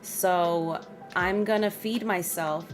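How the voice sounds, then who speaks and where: A woman's voice: lowish voice, steady tone, slow, faint music behind. A woman streaming a game from home in casual chat, laughing often and talking to her dog and her viewers.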